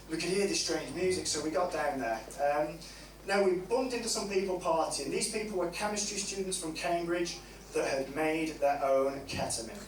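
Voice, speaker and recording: A man's voice: on the high side, far from the mic. A man doing a stand-up comedy set on a club stage, crude and matter-of-fact, chatting with the crowd through a handheld mic. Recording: roomy club sound from the audience side with loud crowd noise.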